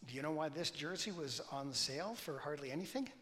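A man, a pastor, giving an informal sermon with lively storytelling and a quieter, reverent prayer. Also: on the high side. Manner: animated storytelling, bursts of loud excitement; softer, slower and reverent in prayer. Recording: long hall reverb.

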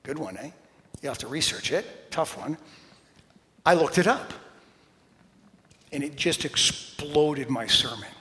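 Guy preaching a sermon slow n deliberate, storytelling to the congregation, long echo of a big hall. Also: fairly high pitch. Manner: animated storytelling, talks to the congregation directly; drops to a whisper for emphasis. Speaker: pastor. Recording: long reverb in a large hall.

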